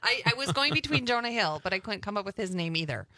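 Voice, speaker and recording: A woman's voice: mid-range voice, expressive, quick pace, background noise. A woman guesting on a radio show, upbeat and chatty, poking fun at herself. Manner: upbeat, chatty, self-mocking. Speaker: radio guest, museum director. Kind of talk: casual radio banter.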